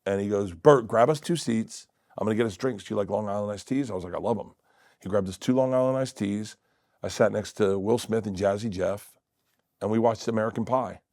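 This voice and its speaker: A man's voice: lowish voice, fairly quick, dry recording. Middle-aged guy telling a wild story on a talk show, does all the voices, dry close mic. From Florida. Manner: acts out quoted voices, loud bursts of laughter. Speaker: comedian guest.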